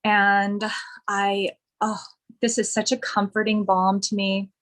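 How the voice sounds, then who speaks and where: A woman esthetician giving a slow, gushing skincare demonstration at home. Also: mid-range voice, completely flat delivery, fairly bright tone, low-quality recording.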